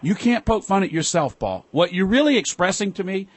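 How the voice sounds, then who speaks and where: A man's voice: high-pitched, sing-song, fairly quick, no echo. A man hosting a call-in radio talk show, arguing with a caller in a sarcastic, lecturing way.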